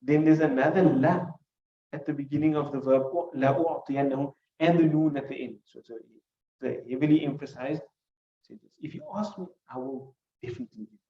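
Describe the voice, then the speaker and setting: A man's voice: fairly high pitch, fast talker. A man teaching a class on hadith, explaining Arabic words one by one and asking the class rhetorical questions. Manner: recites classical Arabic phrases between English. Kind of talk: classroom lesson. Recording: muffled recording in echoey room.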